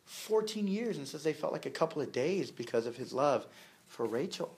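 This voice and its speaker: A man's voice: a little high, sing-song, normal speed, darkish tone. A man preaching a sermon in a conversational way, with humor, many fillers and repeated words. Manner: conversational, with humor and acted-out quotes.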